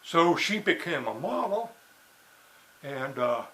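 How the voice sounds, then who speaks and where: A man's voice: on the high side, big pitch swings, slow pace, a bit bright, low-quality recording. A man talking in a rambling, digressive monologue, full of "you know" and "see" and restarts. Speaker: writer and blogger.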